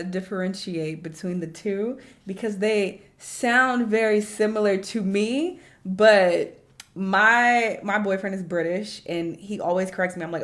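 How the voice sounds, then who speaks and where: A woman's voice: medium pitch, pushed and bright. Young woman, chatty and slangy reaction host, laughs a lot between lines. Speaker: reaction YouTuber. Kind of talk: casual reaction commentary.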